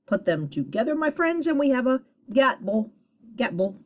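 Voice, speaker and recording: A woman's voice: on the high side, sing-song, moderate pace, slight background noise. A woman teacher giving a phonics lesson to children, patiently sounding out syllables and encouraging her students.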